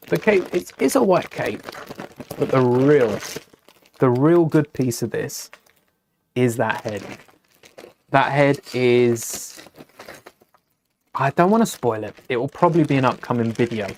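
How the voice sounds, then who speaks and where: A man's voice: mid-range voice, lively intonation, a little slow, long pauses, slight background noise. A young man hosting a casual live stream, chatting and thinking aloud while building, often correcting himself mid-sentence.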